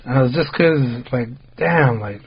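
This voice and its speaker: A man's voice: medium pitch, unhurried, breathy edge, lo-fi sound. An American man hosting a podcast, telling a rambling story in casual chat, full of "like" fillers and swearing. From United States. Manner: laid-back, rambling, heavy on "like" fillers and swearing. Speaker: podcast host.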